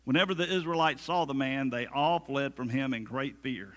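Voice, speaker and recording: A man's voice: medium pitch, normal speed, a bit bright, long reverb tail. A man preaching a sermon as pastor, conversational, with humorous asides and acted-out quotes. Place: church sanctuary.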